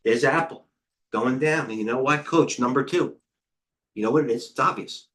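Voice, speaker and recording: A middle-aged man hosting a live trading stream, giving casual market commentary in a rambling way, with quick asides, restarts and talking to himself. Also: mid-range voice, fairly bright tone. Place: indoor room with a heater on.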